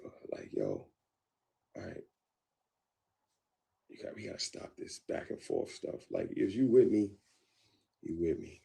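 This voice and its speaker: A man's voice: low-pitched, vocal fry, breathy edge. A man on a live stream telling his side of a relationship story, earnest and repetitive, at times heated. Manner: repetitive, earnest, swings from quiet musing to heated.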